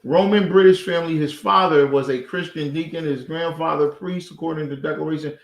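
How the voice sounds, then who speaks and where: A man leading an informal scripture class, talking in a mocking, animated, slangy way. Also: on the high side, fairly quick, vocal fry. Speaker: class leader. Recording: echoey room.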